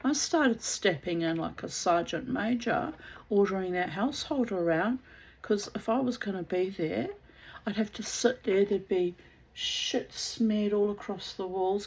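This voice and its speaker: A woman's voice: mid-range voice, measured pace, gravelly, breathy edge, low-quality recording. A woman telling a personal story in a blunt, casual way, swearing freely and laughing at herself.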